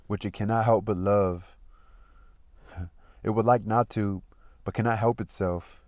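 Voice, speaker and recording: A troubled young noblewoman, wistful and restless, as a man reading a novel aloud speaks her lines. The voice sits low and deep, recorded close and dry with no room around it, in the unhurried manner of a book being read aloud. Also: steady tone, a little mellow, dry recording, natural voice. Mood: earnest.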